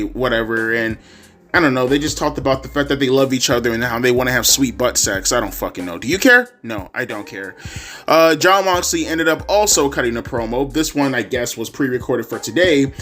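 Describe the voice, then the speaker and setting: A man rants through a live reaction to a wrestling show, sarcastic and exasperated, cursing constantly. His voice sits a bit high and lurches between loud outbursts and low, deflated mutters. Faint music plays underneath. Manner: exasperated, profane, sarcastic rant.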